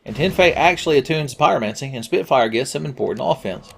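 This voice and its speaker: A man's voice: medium pitch, animated, quick pace, gravelly, fairly bright tone, a little hiss or hum. A man giving let's play commentary, sarcastic and profane, rambling from joke to joke. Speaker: game commentator.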